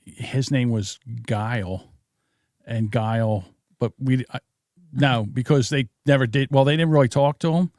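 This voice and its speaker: A man's voice: mid-range voice, a little slow, a little mellow, dry recording, studio quality. An older man co-hosting a podcast, telling rambling stories and giving blunt, opinionated takes in casual chat. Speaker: podcast co-host.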